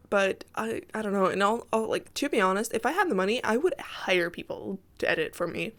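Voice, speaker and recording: A tired woman rambling in casual voice-over chat over a game build, apologetic and giggling often, talking from her PC at home. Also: medium pitch. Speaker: Sims builder and YouTuber.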